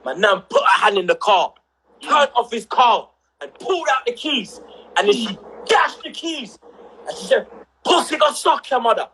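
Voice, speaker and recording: A young man, telling a story on a casual livestream with rising excitement and shouts. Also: high-pitched, normal speed, slight background noise, rough recording. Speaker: livestream co-host.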